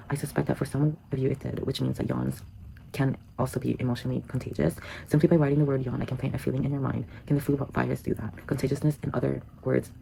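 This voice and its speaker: A student giving a book report, reading passages aloud and then talking them over in a halting way full of fillers and restarts. The voice is deeply gravelly with heavy vocal fry. A noticeable hiss sits under the recording.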